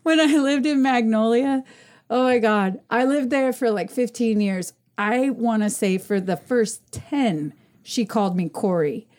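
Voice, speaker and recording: A woman who chats casually as a podcast guest, telling animated, swearing stories and acting out what people said. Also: on the high side, unhurried. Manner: animated, swearing storyteller who acts out voices. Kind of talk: casual chat.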